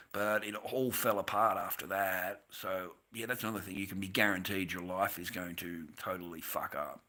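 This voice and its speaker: A man's voice: lowish voice, sharp tone. Profane rambling man. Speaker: livestream host. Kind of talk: rambling casual storytelling.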